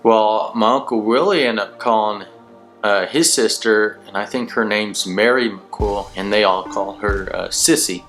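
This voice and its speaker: A man's voice: fairly low pitch, unhurried, fairly bright tone. A man hosting his own channel, telling his personal testimony in a rambling, laid-back way, full of "you know" fillers. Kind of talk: casual personal testimony storytelling. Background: background music.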